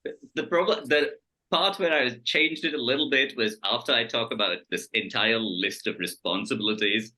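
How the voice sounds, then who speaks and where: A man's voice: mid-range voice, normal speed, sharp tone. A man co-hosting a podcast in casual chat, playful and profane, laughing often. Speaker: podcast co-host.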